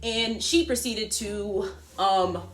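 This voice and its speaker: A teenage girl vlogger telling a school story in an animated, slangy way, full of asides. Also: mid-range voice, slow. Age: teens. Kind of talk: storytime vlog.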